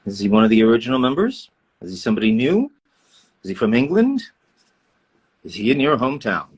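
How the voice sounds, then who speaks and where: A man at a live fan autograph session, reading questions aloud in a playful, animated way. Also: medium pitch, a little fast, husky.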